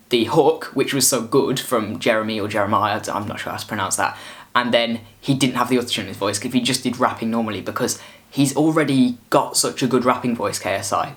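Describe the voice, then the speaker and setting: A man's voice: medium pitch, a bit bright. A man giving a casual album review, rambling with frequent restarts. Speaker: music reviewer.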